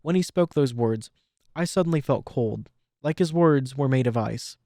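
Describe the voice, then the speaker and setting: A man reads a first-person adventure story aloud at an easy, steady pace. His voice sits in a plain middle register. The recording is bone dry and close to the mic. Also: medium pitch, normal speed, no room sound. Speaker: audiobook reader. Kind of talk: reading fan fiction aloud.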